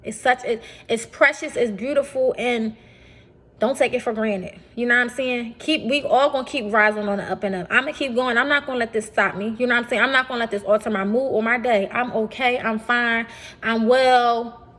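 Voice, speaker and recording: Animated woman talking to viewers. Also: a little high, a little fast. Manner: animated, repeats phrases, addresses viewers as y'all. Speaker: vlogger. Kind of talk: casual talk to camera.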